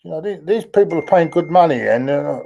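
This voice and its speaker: A man's voice: fairly high pitch, animated, fairly quick, gravelly, dark tone. A man co-hosting a football chat show, chatty and joking, trailing off into fillers. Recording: dull lo-fi audio.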